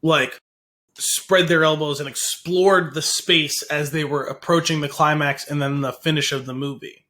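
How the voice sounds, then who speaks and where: A man with a high, sharp, bright voice co-hosts a casual movie podcast. He gives frank, opinionated takes, hedging and searching for words with many fillers. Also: steady tone, moderate pace. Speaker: podcast co-host.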